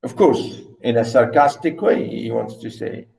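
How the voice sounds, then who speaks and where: A man's voice: medium pitch, animated, a little slow, creaky, mellow, low-quality recording. A man lecturing a class, reading a story aloud and asking students rhetorical questions. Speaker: literature lecturer.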